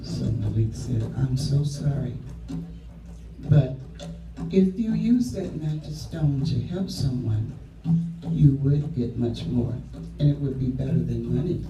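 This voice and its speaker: A man telling a story live to children, lively and drawing them in with call-and-response. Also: mid-range voice, takes it slowly, pauses often. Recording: echoey room from far off, music behind.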